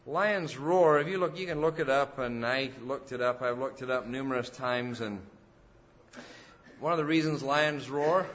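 Emphatic preaching man, bright and forceful. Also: mid-range voice, moderate pace, highs cut off, slight background noise. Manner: emphatic preaching, rising loud on key phrases. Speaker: pastor. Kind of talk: sermon.

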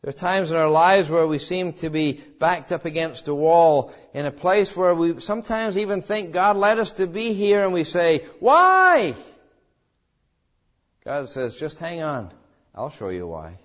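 A man preaching a sermon as pastor, swinging between calm teaching and dramatic, acted-out quoted cries. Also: on the high side, moderate pace, hardly any pauses, dull audio. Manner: preaching with dramatic rises, voicing quoted cries and God's words.

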